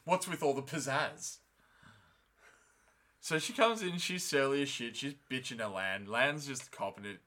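Bright-voiced, profane male podcast co-host. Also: medium pitch, measured pace. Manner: profane, animated, acts out characters' lines. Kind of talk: casual chat recapping a TV episode.

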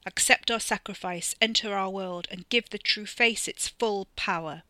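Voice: mid-range voice, moderate pace, pushed and bright, dry recording. A narrator voicing a brutal cult foreman, a grown man who snarls threats in an audiobook story. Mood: solemn. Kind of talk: audiobook character reading.

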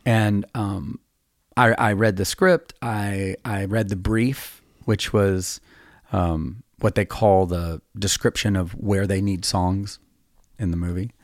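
A man's voice: fairly low pitch, fairly even intonation, takes it slowly, dry recording. A man in his fifties, a songwriter hosting a podcast, telling long rambling stories in a casual, self-deprecating way. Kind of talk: casual storytelling chat.

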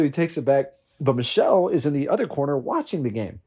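A man's voice: fairly high pitch, animated, brisk, darkish tone. A man in casual chat, animatedly telling a fantasy football story, swearing and laughing as he goes. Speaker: fantasy football league member.

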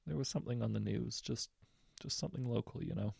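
A man voicing a distraught teenage girl on the phone, halting and tearful, hesitant. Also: mid-range voice, creaky, darkish tone, husky, dry recording. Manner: halting, tearful, later teasing. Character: distraught teenage girl calling her villain friend.

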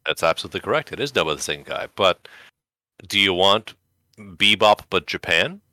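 A man with a low voice and a bright, crisp edge talks animatedly, swinging his pitch widely as he makes wry recommendations. He is co-hosting a casual chat podcast, and the sound is dry and close. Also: lively intonation, moderate pace, no echo. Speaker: podcast co-host.

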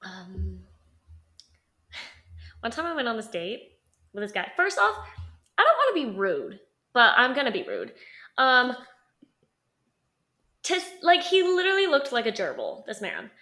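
A woman's voice: on the high side, huge pitch swings, measured pace, long pauses, pushed and bright. A young adult woman co-hosting a podcast, telling a dating story in a chatty, sassy way with lots of laughter and fillers. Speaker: podcast co-host. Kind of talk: casual storytelling chat.

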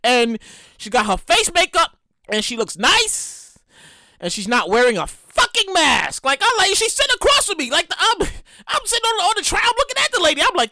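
A man hosting his own podcast in a casual solo monologue, animated and profane, often repeating himself. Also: extremely high pitch, brisk, no room sound. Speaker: podcast host.

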